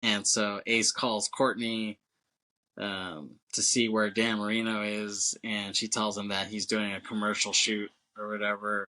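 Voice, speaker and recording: A man co-hosting a podcast, with a lowish voice that sounds bright and forceful. He recaps a film in a rambling, casual way, leaning on "like" and "you know", swearing freely and chuckling as he goes. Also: level tone, measured pace, rough recording. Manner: rambling and loose, heavy with fillers, swears and chuckles. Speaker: podcast co-host. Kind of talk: casual movie-recap chat.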